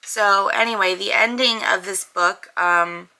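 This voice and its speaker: A woman's voice: medium pitch, steady tone, measured pace, gravelly, pushed and bright, rough recording. A young woman chatting casually to camera as a book vlogger, rambling with lots of fillers. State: congested, with a cough.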